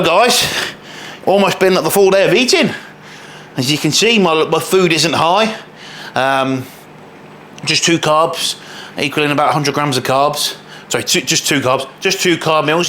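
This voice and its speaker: A young man rambles quickly as he cooks, peppering his talk with swearing. He sounds worn out from the day. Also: on the high side, a bit bright, slight background noise. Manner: swears a lot, rambling and fast. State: tired. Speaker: fitness coach. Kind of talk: casual cooking vlog.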